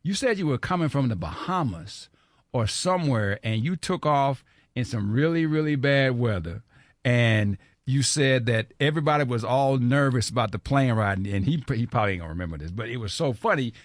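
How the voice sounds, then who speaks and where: A man's voice: mid-range voice, animated, normal speed, dry recording, clean studio sound. A man hosting a radio interview, enthusiastic and laughing along with his guest. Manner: enthusiastic, laughs along, eager to hear more stories. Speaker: radio host. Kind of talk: interview chat.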